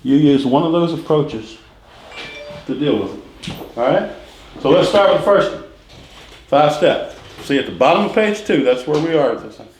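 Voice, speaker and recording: A middle-aged man runs a sales training session, his fairly high voice bouncing around an echoey classroom. He drills the same phrases over and over and fires short questions at the class. Faint noise hums behind him. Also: lively intonation, normal speed, long pauses, darkish tone. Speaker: real estate sales instructor.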